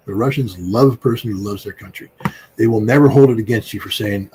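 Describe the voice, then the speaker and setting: A man's voice: fairly low pitch, quick pace, dark tone, a little hiss or hum, poor audio. An American man in his sixties, speaking as an interview guest in a rambling, emphatic way with frequent fillers. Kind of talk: casual interview talk.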